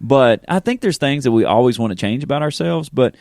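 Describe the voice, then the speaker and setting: Man, pastor co-hosting a podcast, rambling and animated, dry close sound. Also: mid-range voice, brisk, dry recording. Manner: animated, rambling, self-interrupting with fillers. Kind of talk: casual faith podcast chat.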